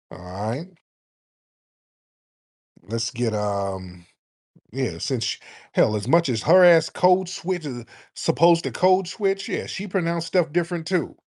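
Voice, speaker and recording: A man's voice: medium pitch, a little mellow. A man from the United States hosting a call-in talk show, emphatic and swearing freely. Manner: brash, profane and emphatic. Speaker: radio show host.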